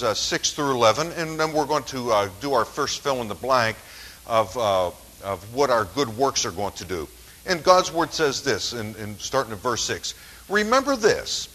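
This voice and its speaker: A man's voice: mid-range voice, bright, forceful tone, low-quality recording. A male pastor preaching a conversational sermon in a church, with many fillers and restarts.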